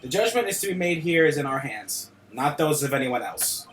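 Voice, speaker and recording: A man reading aloud the lines of a cold, sharp male prosecutor from a game, in a stiff, formal way. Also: fairly high pitch, lively intonation, normal speed, roomy sound, soft background music, lightly acted.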